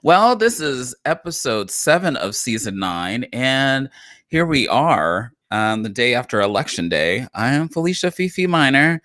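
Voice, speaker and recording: A man's voice: mid-range voice, big pitch swings, a little slow, fairly bright tone, no room sound, clean studio sound. A man co-hosting a casual live-stream chat show, rambling and chatty with lots of fillers and self-corrections. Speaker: co-host.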